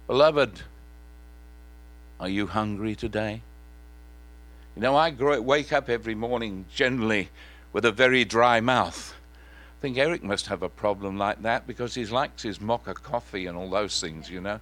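A man preaching a sermon, shifting between loud proclamation and quiet, chatty asides to the congregation. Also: fairly low pitch, normal speed, long pauses, no echo.

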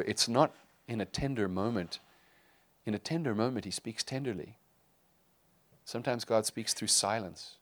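A man's voice: on the low side, dry recording. A middle-aged man, a pastor, preaching a sermon in a conversational way, with fillers and restarts.

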